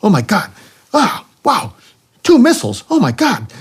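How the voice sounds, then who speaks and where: Man impersonating a wingman pilot, Puerto Rican accent, thick, animated, high-pitched. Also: unhurried, breathy edge, exaggerated voice. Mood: alarmed.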